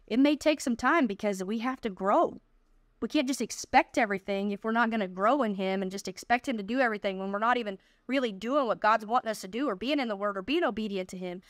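A woman preaching a sermon in a fervent, exhorting way, her voice pitched fairly high. She drives her points home with emphatic repetition. The recording is dry and close, with no room sound. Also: no room sound. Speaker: podcast speaker.

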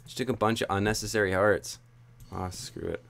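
A man's voice: fairly low pitch, steady tone, brisk, vocal fry, a bit bright. A young man commenting on his own gameplay, muttering frustrated self-talk with sudden yelps. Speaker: gaming YouTuber.

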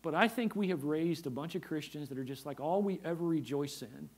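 A man's voice: fairly high pitch, fairly quick, husky. A man preaching a sermon as pastor, emphatic and repetitive, often asking his congregation for an amen. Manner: emphatic, repeats phrases, asks the congregation for amens.

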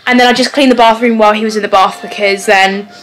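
A woman's voice: mid-range voice, fairly even intonation, quick pace, fairly bright tone, slight background noise, low-quality recording. A young woman chatting casually to camera at home, rambling with lots of "like". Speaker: vlogger, mum. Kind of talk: casual vlog chat to camera. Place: at home, indoors.

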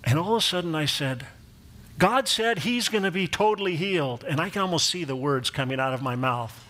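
A man's voice: fairly high pitch, animated, fairly quick, pushed and bright. A middle-aged male pastor telling a personal story in a sermon, acting out quoted voices and laughing along with his own jokes.

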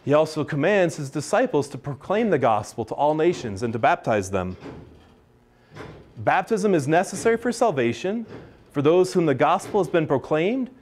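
A somewhat high-voiced American man, a priest, teaches a class in a relaxed, conversational way. He restarts his sentences often and slips into little acted-out voices when he quotes people. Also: normal speed, a little hiss or hum. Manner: chatty, many restarts, acts out quoted voices.

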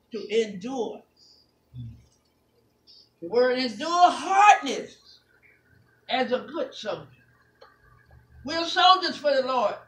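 A woman preaching a Pentecostal sermon, moving from quiet talk to shouted, half-sung preaching. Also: high voice. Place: church sanctuary. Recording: echoey church from far off. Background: organ playing.

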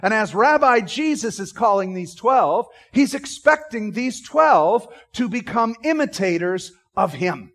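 A man giving an animated Bible-teaching sermon, acting out scenes and asking his listeners questions. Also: sits high, a little slow, hardly any pauses. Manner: asks the audience questions.

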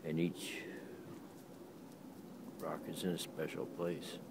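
A man's voice: extremely low pitch, little pitch movement, takes it slowly, background noise. A man in a backyard talking to his dog in sing-song baby talk, repeating himself while filming on a handheld camera. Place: backyard, outdoors.

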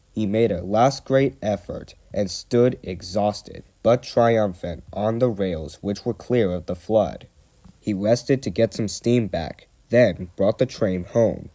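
A man reading a children's storybook aloud in a gentle, measured way. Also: fairly low pitch.

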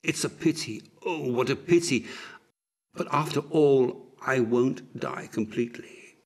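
A dying young prince whispers his last wishes, faint and pleading, as a male narrator puts him on. The voice sits mid-height and moves slowly, breath thinning out. It is a storybook reading. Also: medium pitch, a little mellow, pitched above the performer's own voice. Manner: weak whispering voice. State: dying, barely audible.

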